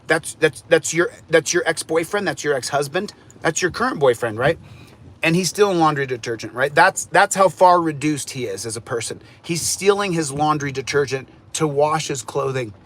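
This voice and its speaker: Male streamer, higher-pitched voice, rambling agitated rant, faint traffic noise behind. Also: lively intonation, moderate pace, fairly bright tone. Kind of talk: ranting livestream chat.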